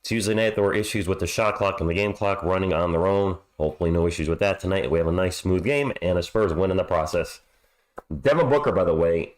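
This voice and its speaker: Hoarse male live-stream host, slightly low voice, casual upbeat play-by-play chat. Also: expressive, normal speed. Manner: upbeat, chatty, greets viewers.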